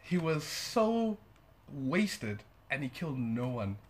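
A man co-hosting a podcast in casual chat, animated, laughing a lot and swearing freely. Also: mid-range voice, slow pace, over a noisy crowd. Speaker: podcast co-host.

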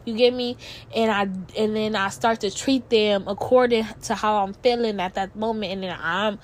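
A young woman hosting a podcast, speaking candidly in a halting, emotional monologue with many fillers and some swearing, close to tears at times. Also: mid-range voice, steady tone. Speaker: podcast host. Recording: faint background noise.

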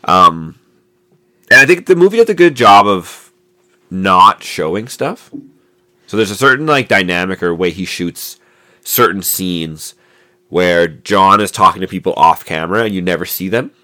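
On a noisy, amateur-mic podcast, this low-pitched male co-host talks about a movie in a loose, casual way, full of fillers and false starts. He speaks at normal speed in an expressive, pushed, bright voice.

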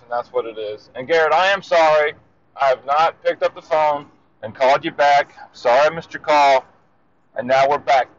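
A man co-hosting a podcast, from Florida, rambling excitably and laughing as he records a message to his friend from his car. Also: on the high side, lo-fi sound. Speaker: podcast co-host. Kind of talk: casual voice-memo chat while driving. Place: in a car in traffic.

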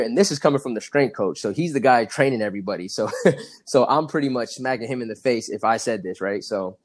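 A man's voice: mid-range voice, fairly quick. A young man from California telling his story as a podcast guest, acting out the dialogue and laughing often. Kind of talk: casual storytelling.

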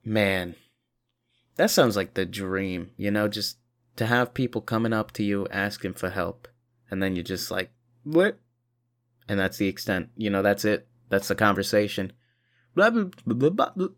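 A man's voice: fairly low pitch, little pitch movement, moderate pace, a bit bright. A tired man rambling profanely through a casual video monologue, short on sleep. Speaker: vlogger.

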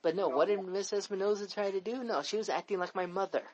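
A man's voice: high-pitched, fast talker, lo-fi sound. A young man, rambling and repeating himself as he swears his way through a story on a casual podcast chat. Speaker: podcast co-host.

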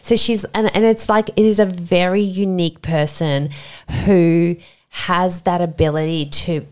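A woman in her forties speaks as a podcast guest. Her voice sits a little low, and she tells her story in an animated way, full of "like" and acted-out quotes. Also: a little slow. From Australia. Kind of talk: emotional storytelling in conversation.

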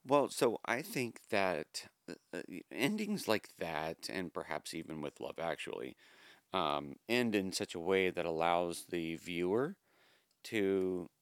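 A man co-hosting a casual chat about a film, talking in a relaxed, hesitant way. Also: low-pitched, slow, clean tone, no echo, studio quality. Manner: relaxed, hesitant, with fillers and repeated words. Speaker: podcast co-host.

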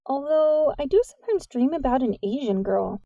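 A woman's voice: high-pitched, lively intonation, normal speed, dark tone, dry recording, dull audio, pitched above the performer's own voice. A woman reading the lines of an awkward, self-conscious teenage girl who talks a little nervously.

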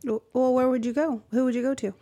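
A woman's voice: high-pitched, fairly even intonation, fast, dark tone. A woman chatting casually with a friend, easygoing and teasing. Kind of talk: casual chat.

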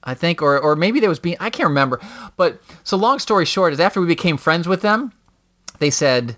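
A man telling stories in a casual podcast chat, rambling with many fillers and acting out quotes loudly. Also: fairly high pitch, expressive, brisk. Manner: rambling storyteller, profane, acts out quotes loudly. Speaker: podcast guest. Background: dogs nearby.

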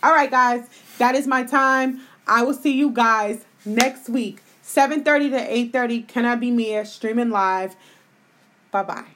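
A woman's voice: fairly high pitch, measured pace, fairly bright tone, slight background noise. A woman hosting a live podcast, venting her opinions bluntly and with a lot of profanity. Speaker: podcast host.

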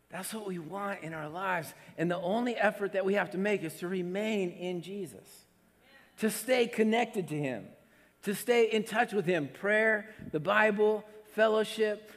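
A man preaching a sermon in a fairly high voice, moving between animated emphasis and soft, hushed passages. His words ring out with a long reverb, as in a large hall. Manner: animated preaching, acts out Jesus's delighted voice, drops to soft hushed tones. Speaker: pastor.

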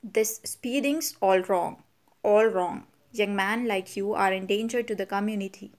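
A woman's voice: mid-range voice, unhurried, close to an everyday voice. A woman reading the part of a disapproving doctor who speaks in an earnest, scolding way. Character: disapproving middle-aged male doctor.

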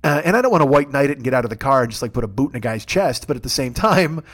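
A man's voice: medium pitch, lively intonation, rapid-fire. A man hosting his own show in a casual comic monologue, rambling and profane with a wry tone. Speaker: podcast host.

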